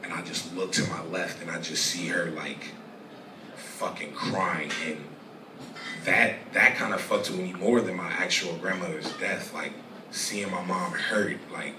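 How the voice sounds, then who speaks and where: A young man telling a personal story as a guest in a live interview, rambling and profane with halting restarts. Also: low voice, steady tone, noisy background. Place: live venue stage. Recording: echoey room, distant mic, audience ambience.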